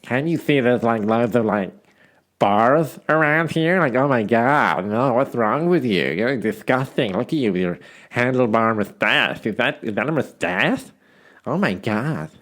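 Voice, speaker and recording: A man's voice: mid-range voice, animated, a little slow, a bit bright. A man mimicking a scornful young Australian woman who dismisses someone with exasperated sneering.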